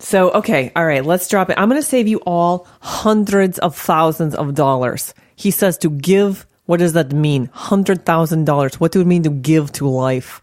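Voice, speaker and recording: A woman hosting a podcast in a casual chat, animated and playful, with frequent swearing. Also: deep voice, normal speed, few pauses, no echo, clean studio sound. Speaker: podcast host.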